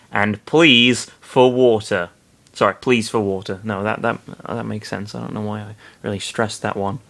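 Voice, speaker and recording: Self-mocking male reader, mid pitch. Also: sharp tone. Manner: self-deprecating, apologetic asides. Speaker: reader, narrator. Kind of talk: reading fan fiction aloud with commentary.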